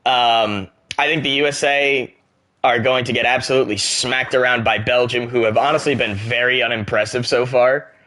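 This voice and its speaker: A young American man streaming a game, joking, reacting out loud and chatting casually with his viewers. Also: medium pitch, steady tone, normal speed. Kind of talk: casual chat while gaming.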